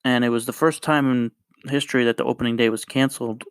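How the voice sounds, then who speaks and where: Brief: casual male podcast host, smooth clear voice, loose rambling delivery. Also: medium pitch, steady tone, quick pace, dry recording. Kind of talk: casual solo podcast talk.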